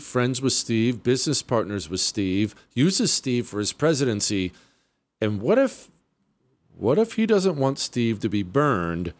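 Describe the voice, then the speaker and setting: Blunt, lively-voiced male radio host. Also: mid-range voice, no room sound. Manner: blunt, sarcastic, emphatic repetition. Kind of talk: opinionated radio monologue.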